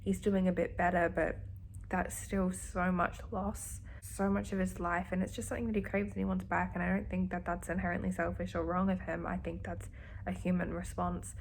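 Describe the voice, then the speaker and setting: Chatty woman, low voice. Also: normal speed, vocal fry, slight background noise. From Australia. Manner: chatty, expressive, sarcastic asides. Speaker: book vlogger. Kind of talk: casual reading vlog reactions.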